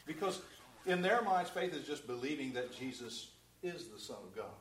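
A man preaching a sermon, emphatic, asking the congregation rhetorical questions and moving between loud stress and quiet asides. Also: mid-range voice, animated, moderate pace, slight background noise.

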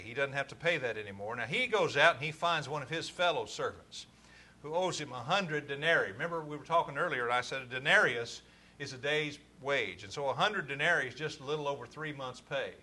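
A man preaching a sermon, building to forceful, emphatic stresses. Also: fairly high pitch.

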